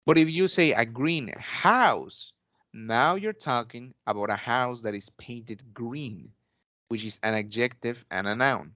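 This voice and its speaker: A man's voice: mid-range voice, unhurried, a bit bright, no echo. Young man teaching in a dry room. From Mexico. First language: Spanish. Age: young adult. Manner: formal, polite, stacks "actually" and restarts. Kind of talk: English lesson role-play.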